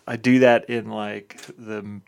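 Man in his thirties, gravelly voice, rambling podcast co-host. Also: fairly low pitch, level tone, measured pace, a little mellow. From northern Ohio, US. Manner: rambling, jokey. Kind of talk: casual chat.

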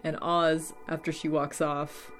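Chatty low-voiced woman recapping a show. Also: measured pace, soft background music. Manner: chatty, rambling, swears casually, lively quoted voices. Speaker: podcast host recapping episodes. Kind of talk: casual recap chat.

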